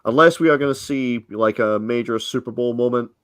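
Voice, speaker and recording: A man's voice: mid-range voice, fairly quick, fairly bright tone, clear, resonant tone, dry recording, clean studio sound. A man co-hosting a live stream, talking casually and rambling with many fillers. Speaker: co-host.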